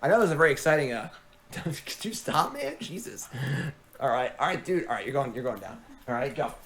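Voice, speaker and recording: A man streaming a card game from home, talking casually to his viewers with excitable commentary. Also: medium pitch, fast. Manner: excitable, talks to the audience as "folks".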